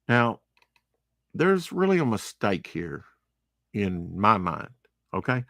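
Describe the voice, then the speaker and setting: A man's voice: fairly low pitch, sing-song, takes it slowly, gravelly, pauses often, fairly bright tone, no echo, studio quality. A man giving casual, rambling commentary while unboxing comic books, with chatty, opinionated asides. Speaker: comic book vlogger.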